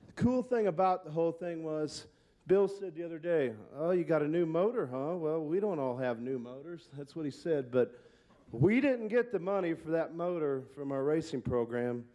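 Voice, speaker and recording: A man's voice: fairly high pitch, expressive, moderate pace, dark tone, lo-fi sound. A middle-aged man, a monster truck driver, telling candid, heartfelt stories in an award acceptance speech.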